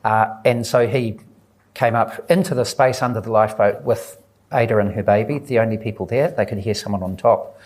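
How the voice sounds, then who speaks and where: A man with a fairly low voice tells a true story at a live book event. He speaks in an earnest, unhurried way and slips into the voices of the people he quotes. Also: a little mellow. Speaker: author guest at a book talk. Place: live audience event indoors.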